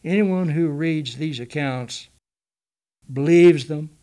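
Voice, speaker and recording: A man reading a Bible study text aloud in a measured, deliberate way, pausing to cite chapter and verse. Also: fairly high pitch, dark tone.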